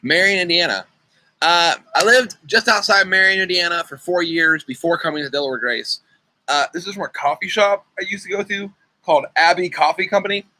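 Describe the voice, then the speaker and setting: Young male youth leader, casual and chatty, bright voice, computer mic. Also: high voice, brisk, rough recording. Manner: chatty, playful, talks to kids by name. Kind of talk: casual online riddle game. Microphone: computer mic on a video call.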